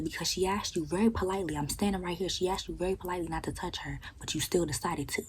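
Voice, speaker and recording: A young woman with a very husky, breathy, low-pitched voice tells a storytime in casual vlog style. Her delivery is animated and profane, and she swings between sharp outbursts and hissed whispers. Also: quick pace, poor audio. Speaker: vlogger.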